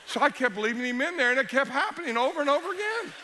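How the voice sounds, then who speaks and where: Middle-aged male pastor, high and bright, animated storyteller, hushed to shouting. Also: fast, slight background noise. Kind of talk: sermon storytelling.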